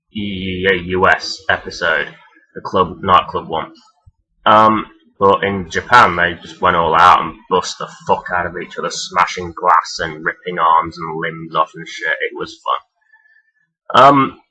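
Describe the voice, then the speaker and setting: A man talking casually and rambling as he counts down his favourite characters, swearing freely and filling pauses with "um". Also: low voice, sharp tone, poor audio. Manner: rambling, profane, many fillers. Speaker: vlogger ranking toy robot characters. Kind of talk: casual unscripted countdown talk.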